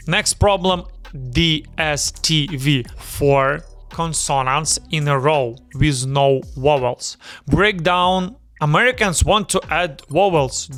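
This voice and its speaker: Ukrainian-accented man, host of a pronunciation lesson, slightly high voice, slow and deliberate, dry close sound. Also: a bit bright, clean tone, dry recording. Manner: slow, deliberate, repeats words to demonstrate sounds. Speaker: YouTube host teaching pronunciation.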